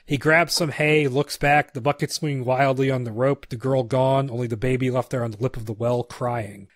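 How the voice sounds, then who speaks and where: A man's voice: medium pitch, dry recording. A man co-hosts a podcast, chatting and then reading a screenplay's narration aloud, stumbling now and then and breaking off for asides. His voice sits in the middle range and sounds dry, with no room around it. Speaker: podcast co-host. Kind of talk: casual chat and script read-aloud.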